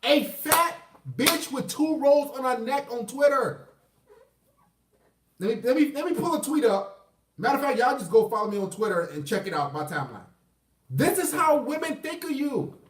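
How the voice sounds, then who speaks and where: A man's voice: very high voice, big pitch swings, moderate pace. A man ranting in a profane, emphatic, combative livestream monologue. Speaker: vlogger. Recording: echoey room, far from mic.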